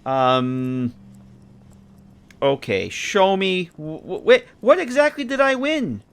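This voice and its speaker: Male game streamer, lively mid-high voice, casual running commentary. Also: takes it slowly, vocal fry, smooth. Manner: chatty, talks to viewers and game characters.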